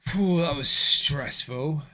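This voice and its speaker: A man's voice: a little high, slow pace, bright, forceful tone. A man hosting a live stream, chatting casually with viewers, muttering and swearing to himself and then apologizing. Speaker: livestream host.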